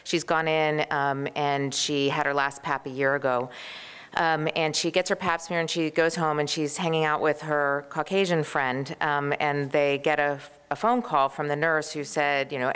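A woman with a low, very smooth and resonant voice lays out a story idea, stopping often on fillers. She speaks in a conference workshop room. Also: steady tone, a bit bright. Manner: halting, with many fillers. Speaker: workshop participant presenting a group story. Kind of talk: casual spoken story pitch.

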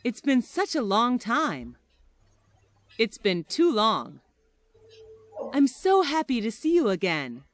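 A woman slowly reading everyday English phrases one at a time for learners, with a deliberate teaching delivery. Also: fairly high pitch, big pitch swings, slight background noise.

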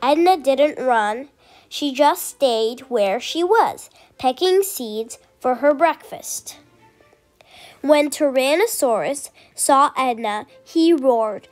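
A woman reading a children's picture book aloud, slow, clear and expressive. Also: high voice, faint music behind. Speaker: storyteller.

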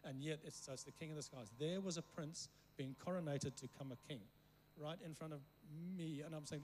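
A guest preacher who grew up in Africa and came to English only at school tells a winding story, stopping often to check in with his listeners. His man's voice sits fairly high. A faint hum runs behind him. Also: fairly even intonation, brisk, darkish tone, rough recording. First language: not English. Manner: rambling anecdotes, keeps checking in with the room. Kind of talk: storytelling sermon.

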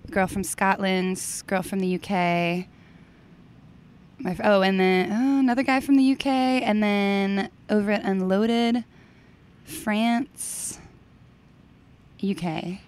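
A woman from the United States chats as a guest on a podcast. Her voice sits in a middle pitch, and she talks in an easygoing, chatty way with easy laughter and light teasing. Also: fairly even intonation, takes it slowly, long pauses, a little mellow, clean tone. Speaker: podcast guest, CrossFit coach. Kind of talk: casual interview chat.

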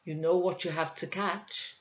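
A woman's voice: fairly low pitch, steady tone, a little slow, lo-fi sound, voice pushed up, lightly acted. A woman voicing a sickly but determined young girl who speaks earnestly. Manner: earnest, insistent.

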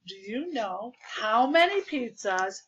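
A patient elementary teacher who asks questions in a measured way, as a woman reads him. The voice is high and bright, with a lively lilt. The recording is dull and lo-fi. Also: a little hiss or hum, exaggerated voice.

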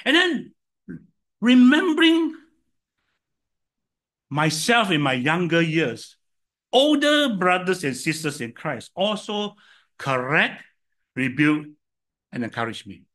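An older man with a Singaporean English accent preaching a sermon, telling stories and swinging from loud to soft. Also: high voice, very animated, takes it slowly, pauses often. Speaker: pastor.

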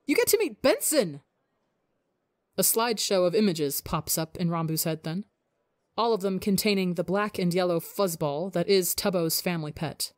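A woman reading a fan fiction story aloud as the narrator, in a calm, steady voice. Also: fairly low pitch, normal speed, dry recording, clean studio sound. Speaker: audiobook narrator.

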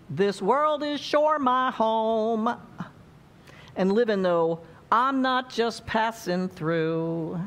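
A woman preaching a sermon in a church, playful and chatty, acting out little quotes as she goes. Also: on the high side.

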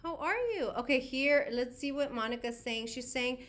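A woman with a somewhat high voice chats through a live beauty stream. She rambles casually to her viewers and leans on "like" constantly. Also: moderate pace, a bit bright. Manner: chatty and rambling, full of "like". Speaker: beauty livestream host. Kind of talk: casual livestream chat.

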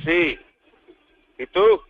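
A man's voice: on the high side, lively intonation, extremely slow. A Mexican-American man taking a prank call, teasing back in a laid-back way and dropping in Spanish slang. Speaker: call recipient. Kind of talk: phone call banter. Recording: dull phone line.

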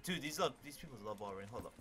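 A young man commentating his own gameplay, cocky and hyped, swearing and yelling out suddenly. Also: mid-range voice, expressive, very fast, soft background music. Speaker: gaming YouTuber.

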